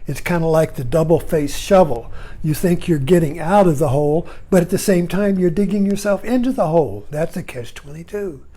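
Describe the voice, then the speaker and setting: A man's voice: fairly high pitch, moderate pace, mellow. A man giving a rambling, casual talk, chuckling often and breaking off mid-sentence. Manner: chuckling, digressive, self-interrupting. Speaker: speaker on Zen and irony.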